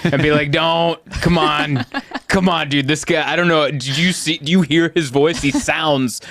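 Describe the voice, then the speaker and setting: A man hosting a podcast in casual chat, telling animated stories and jumping into high voices when he quotes people. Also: normal speed. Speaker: podcast host.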